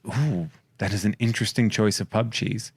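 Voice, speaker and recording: A man hosting a podcast in casual comedic chat, rattling off wry, crude shout-outs and jokes. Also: fairly low pitch, moderate pace, gravelly, slightly rough, no echo. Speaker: podcast host.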